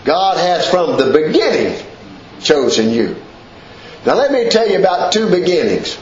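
A man preaching a sermon, folksy and emphatic, stretching words and swinging his pitch up and down. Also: very animated, a little slow, a crowd in the background. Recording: echoey room, dull lo-fi sound.

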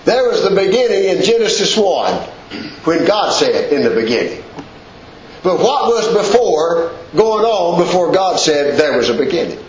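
Folksy preacher, echoey room. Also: male voice, sing-song, a little hiss or hum. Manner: preaching with swooping pitch and drawn-out emphasis, folksy. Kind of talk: sermon. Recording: echoey room, dull lo-fi sound.

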